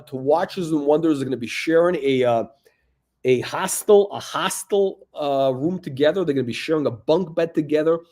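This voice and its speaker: Brief: male host, slightly higher voice, mocking rambling rant, lots of fillers. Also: darkish tone. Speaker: watch channel host.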